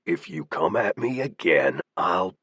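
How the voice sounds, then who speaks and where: A man's voice: low voice, sing-song, measured pace, a bit bright, breathy edge, no echo, voice pushed down, exaggerated voice. A man doing a wry, unflappable monster hero. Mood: exasperated. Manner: dry, grumbling understatement.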